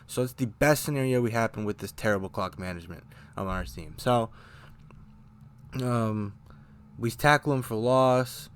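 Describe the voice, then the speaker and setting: A fan show host with a smooth, mid-range voice recaps a football game casually at a moderate pace, pausing often. He rambles and corrects himself, gets heated over bad plays, and at one point chokes up and briefly coughs.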